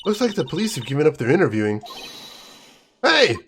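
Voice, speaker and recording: A man's voice: on the high side, very animated, rapid-fire, darkish tone, a little hiss or hum. A man giving casual, easygoing commentary as he plays a video game. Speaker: let's play streamer.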